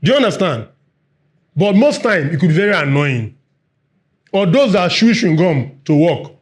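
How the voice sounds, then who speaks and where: Quick, high-voiced trainer. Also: male voice. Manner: fast-talking, animated, quizzes the audience. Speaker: workshop facilitator. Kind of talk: live workplace training talk.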